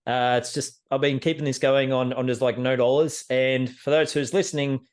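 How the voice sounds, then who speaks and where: A man's voice: medium pitch, flat delivery, normal speed. A man hosting a travel podcast over a video call, easygoing and chuckling as he wraps up. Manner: easygoing, chuckling, plain-spoken. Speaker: podcast host. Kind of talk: casual chat.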